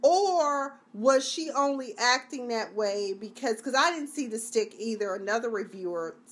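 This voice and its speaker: A woman's voice: a little high, expressive, normal speed, a bit bright. A woman hosting a casual live-stream review, talking in a chatty, rambling, slangy way. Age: adult (junior high long ago).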